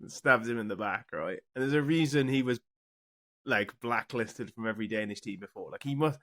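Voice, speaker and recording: A man with a mid-pitched voice hosting a podcast. He leads the talk with a dry, wry touch. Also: moderate pace, a bit bright. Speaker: podcast host. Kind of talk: casual chat.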